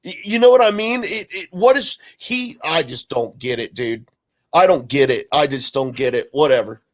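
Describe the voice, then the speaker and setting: A man's voice: on the high side, animated, normal speed. Blunt, cursing man with a raised voice. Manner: blunt, swears, says "dude", repeats himself. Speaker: podcast co-host. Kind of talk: casual chat.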